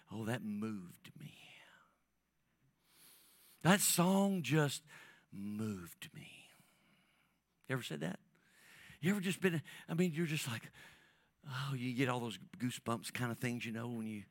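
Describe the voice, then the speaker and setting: A man preaching a sermon as pastor, talking to the congregation in a conversational way, dropping to near whispers and rising to loud emphatic peaks, often repeating and restarting his words. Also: mid-range voice, no echo.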